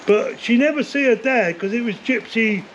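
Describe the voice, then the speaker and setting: An older man, telling rough stories from his past in a rambling interview, swearing often and filling gaps with "like, you know.". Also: very high-pitched, normal speed. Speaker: interview guest, former bare-knuckle fighter. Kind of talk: casual storytelling interview. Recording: dull lo-fi sound with faint noise.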